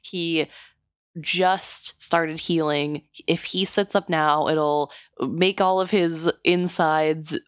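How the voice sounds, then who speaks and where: A woman's voice: sits low, steady tone, takes it slowly, clear, resonant tone, no echo, clean studio sound. A woman co-hosting a podcast, chatting casually and summarizing the plot of a novel. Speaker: podcast co-host. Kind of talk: casual book discussion.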